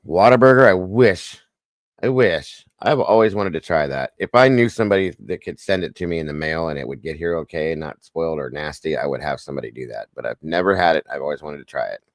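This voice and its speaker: A man's voice: very deep voice, fast talker, dry recording, clean studio sound. A man hosting a casual livestream, chatting and greeting viewers by name one after another. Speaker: livestream host.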